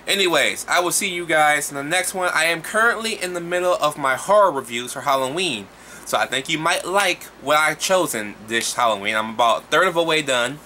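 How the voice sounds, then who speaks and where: A man giving a casual, profane movie review, talking in an animated, exasperated way. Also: a little high, brisk, a little hiss or hum.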